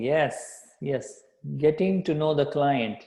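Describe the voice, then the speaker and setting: A man's voice: a little high, slow pace, hardly any pauses, warm tone. A man teaching a live sales workshop, repeating key phrases and checking in with listeners with "okay?". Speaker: sales coach. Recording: echoey room sound.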